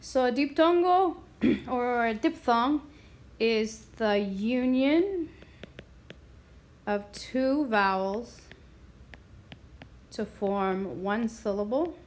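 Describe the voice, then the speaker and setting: A woman explaining a Spanish grammar lesson in a slow, deliberate way, stopping now and then to clear her throat. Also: on the high side, darkish tone. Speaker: Spanish teacher.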